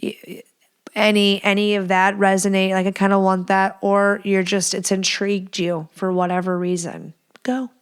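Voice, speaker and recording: A woman's voice: medium pitch, level tone, moderate pace, smooth. A woman in her thirties hosting a solo podcast, talking bluntly and casually with lots of swearing and rambling restarts. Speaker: podcast host.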